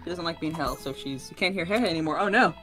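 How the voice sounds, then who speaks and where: A woman's voice: fairly low pitch, fast, fairly bright tone, faint music behind. A young woman guest on a game stream, dry and teasing as she chats to viewers. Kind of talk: casual game stream chat.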